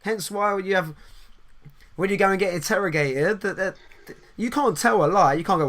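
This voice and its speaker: Guy hosting a podcast, kinda high voice, keeps restarting and repeating himself, laughs a lot. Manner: animated, fast restarts and repeated words, laughs often. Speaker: podcast host and coach. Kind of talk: casual podcast chat.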